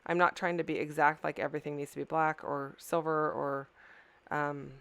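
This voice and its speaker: A woman's voice: sits low, level tone, normal speed, creaky, fairly bright tone, dry recording. A middle-aged woman, tired, casually narrating her scrapbooking process as a craft channel host, rambling a little and correcting herself. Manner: rambling, self-correcting, apologetic.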